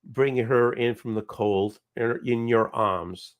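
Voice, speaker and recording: A man's voice: mid-range voice, takes it slowly, dry recording. A man hosting a live stream chat, teasing and encouraging his guest, often restarting his sentences. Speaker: show host.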